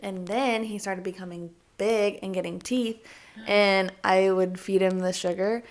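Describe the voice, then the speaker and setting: A young woman co-hosts a casual podcast in a mid-pitched voice. She tells lively stories and acts out the quotes with plenty of swearing. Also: unhurried. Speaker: podcast co-host. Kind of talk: casual chat.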